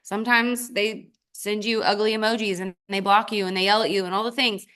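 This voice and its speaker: A woman's voice: steady tone, fairly quick, a bit bright. Punchy, emphatic woman guest speaker. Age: adult with children. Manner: emphatic and punchy, with sudden leaps up in pitch for stress; addresses the audience directly in short commands. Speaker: guest speaker, sales team trainer. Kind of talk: motivational sales training talk.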